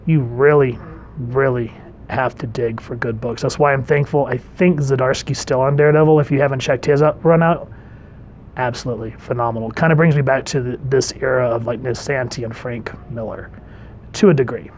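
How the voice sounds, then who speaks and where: A man, a dad, casually reviewing an old comic book and reading panels aloud in a chatty, relaxed way. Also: mid-range voice, normal speed, a little hiss or hum.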